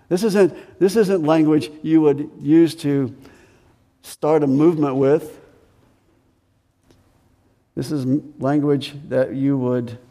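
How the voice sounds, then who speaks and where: A man preaching a sermon, deliberate and emphatic, repeating key phrases and slowing down to stress them. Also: fairly high pitch, dark tone, big-room sound. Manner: deliberate preaching with slow emphatic stretches and repetition. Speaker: pastor.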